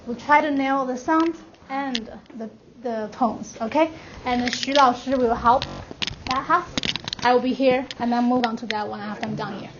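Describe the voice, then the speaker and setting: A woman with a high voice leads a classroom lesson and draws out sung vowel sounds to show how each tone moves. The recording is dull and lo-fi. A clear hiss of noise runs behind her. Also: moderate pace. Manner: demonstrates tones by drawing out and singing vowel sounds. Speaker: language teacher. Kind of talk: classroom instruction.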